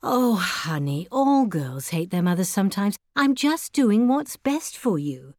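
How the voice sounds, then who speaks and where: A woman's voice: mid-range voice, sing-song, unhurried, darkish tone, no echo, clean studio sound. A woman voicing a protective middle-aged mother who speaks in a patient, soothing but firm way.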